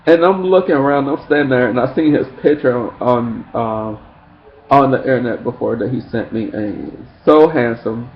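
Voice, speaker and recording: A man telling a personal story in a casual, rambling way, acting out friends' lines in shrill high voices. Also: moderate pace. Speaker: vlogger. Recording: dull lo-fi sound with faint background noise.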